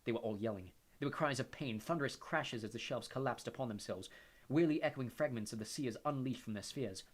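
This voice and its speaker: A man reading a fantasy audiobook aloud in a steady, measured narration. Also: mid-range voice.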